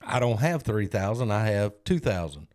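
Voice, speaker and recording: A man's voice: on the low side, very animated, normal speed, a little mellow. A man, co-hosting a podcast and telling a self-deprecating story in a casual way, acting out other people's lines. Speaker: podcast co-host.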